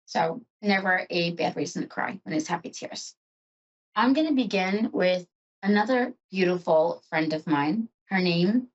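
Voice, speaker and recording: A woman hosting a psychic show, giving an emotional and chatty tarot reading. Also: mid-range voice.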